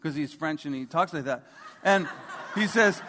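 A man's voice: high voice, expressive, a little fast, bright, forceful tone. Male pastor preaching in a reverberant hall. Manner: conversational preaching with rhetorical questions. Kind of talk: sermon. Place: large church hall before a congregation. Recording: long reverb of a large hall.

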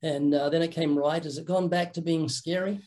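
An older man with a notably high voice talks in a lively, joking way. He tells vivid stories in an interview. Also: normal speed. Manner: playful, joking, with vivid anecdotes. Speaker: podcast guest, evangelist. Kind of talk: animated storytelling conversation.

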